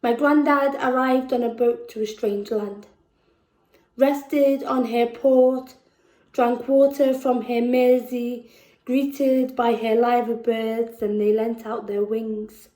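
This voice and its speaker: A woman with a Scouse accent performing spoken word poetry, slow and deliberate, with emphatic repetitions. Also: on the high side, steady tone, dark tone, echoey room, poor audio. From England. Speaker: poet. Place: festival venue indoors.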